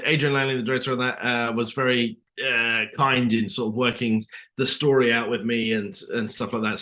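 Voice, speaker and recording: A man's voice: medium pitch, a bit bright. A man with an English accent, a guest actor talking casually in an interview, rambling with lots of fillers. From England.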